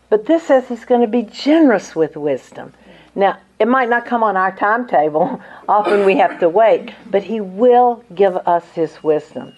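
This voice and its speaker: An older woman giving an earnest, measured Christian teaching talk, reading scripture passages aloud. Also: mid-range voice, lively intonation, a little mellow, poor audio. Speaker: Christian speaker.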